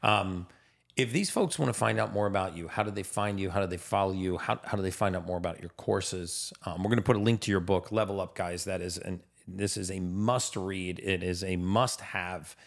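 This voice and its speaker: A man's voice: sits low, normal speed, vocal fry. A man hosting a podcast interview in casual chat, enthusiastic and often repeating words as he starts a sentence. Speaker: podcast host. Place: home in Miami.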